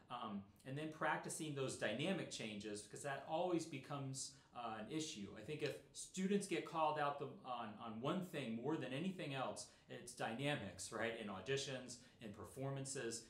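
A middle-aged man teaching snare drum in a relaxed, explanatory way, with many fillers. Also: mid-range voice, reverberant. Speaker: percussion teacher. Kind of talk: instructional talk.

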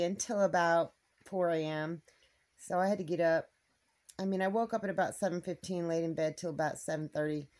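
A woman chatting casually to the camera in a homestead vlog, rambling and thinking aloud as she goes. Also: medium pitch. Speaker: homestead vlogger. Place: small home at night, later outdoors in the yard.

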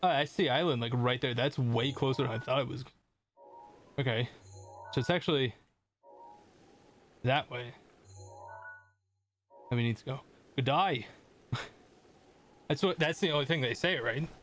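A man's voice: medium pitch, unhurried, long pauses, a bit bright, soft background music. A man streaming a video game, chatting casually with viewers in a rambling, self-deprecating way and swearing at the game. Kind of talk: casual gameplay commentary.

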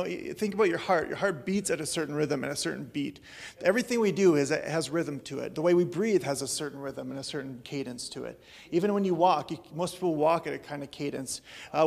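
Chatty joking pastor, gravelly voice. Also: male voice, on the high side, darkish tone. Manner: joking, chatty, self-deprecating. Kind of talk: casual sermon to a congregation. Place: church hall.

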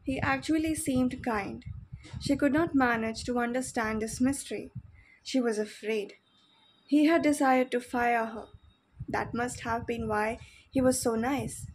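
Brief: female story narrator, measured reading, fairly high voice, faint background hiss. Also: fairly even intonation, low-quality recording.

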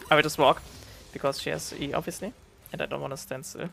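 A man's voice: on the high side, steady tone, fast talker, vocal fry, fairly bright tone, slight background noise. A man, an English speaker, giving casual gameplay commentary as a streamer, with gamer slang. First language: German.

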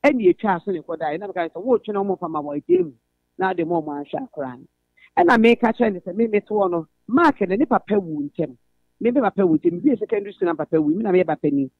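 A Ghanaian woman calls in to a radio show and tells a long story about her family's troubles, earnest and steady, switching between languages. Her fast, gravelly, medium-pitched voice comes through a narrow, tinny phone line. The sound is dry, with no room around it.

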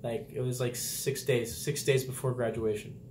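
A young man who is a Navy sailor, chatting casually and telling boot camp stories with lively, laughing delivery. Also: mid-range voice, normal speed, a little hiss or hum. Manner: animated storytelling, laughs often, acts out quotes loudly. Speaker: vlog host, Navy sailor. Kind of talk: casual chat.

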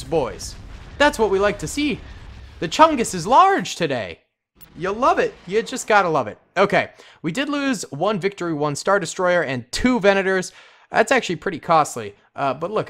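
A man giving casual, excitable, slangy commentary while playing a strategy game, talking to himself and his viewers. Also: sits high, moderate pace. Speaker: gaming commentator. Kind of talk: casual let's-play commentary.

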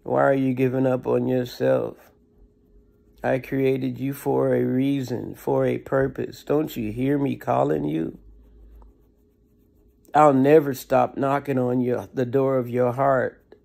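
Speaker doing God within: deep, hushed, slow and patient, with a gravelly edge. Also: flat delivery. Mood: gentle pleading.

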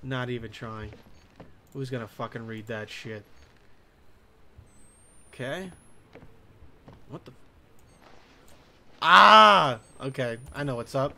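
A man doing let's play commentary, excitable and profane, talking to himself as he plays. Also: mid-range voice, unhurried, long pauses. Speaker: gaming commentator.

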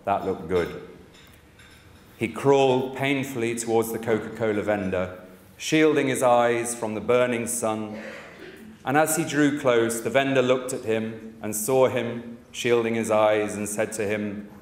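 A man's voice: mid-range voice, measured pace. A man giving a conference talk about a cancer support service, opening with a humorous story, then reflecting with frequent fillers. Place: conference hall. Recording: echoey conference hall.

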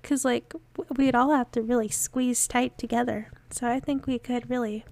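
A woman's voice: fairly high pitch, fairly even intonation, normal speed, creaky, darkish tone, slight background noise. A young woman live streamer chatting with her viewers in a bubbly, giggly way. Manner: giggly, bubbly, talks to chat. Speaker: live streamer, virtual avatar.

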